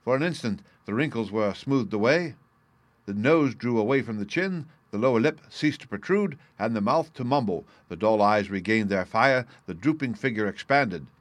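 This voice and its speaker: With no echo in the recording, a mid-range male voice reads a scripted audiobook narration, telling the story in a measured, even way.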